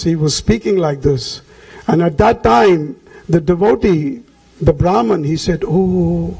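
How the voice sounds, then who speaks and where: A man's voice: high voice, unhurried, creaky, darkish tone, breathy edge, rough recording. A man telling a devotional story in a talk, acting out the characters' lines as he goes. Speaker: temple speaker.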